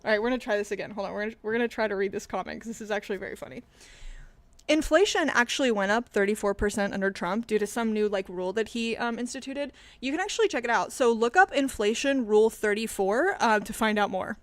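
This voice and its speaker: A woman's voice: medium pitch, fast talker. A young woman from Texas chatting casually on a livestream, sarcastic and profane, often breaking into laughter. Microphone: desk microphone.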